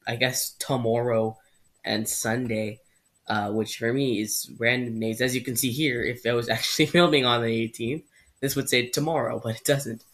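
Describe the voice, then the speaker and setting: A man's voice: medium pitch, steady tone, moderate pace, a bit bright. A young man from Canada hosts a casual football vlog with a mid-range voice. He rambles through his picks in a chatty, offhand way and stumbles over hard names. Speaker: football channel host.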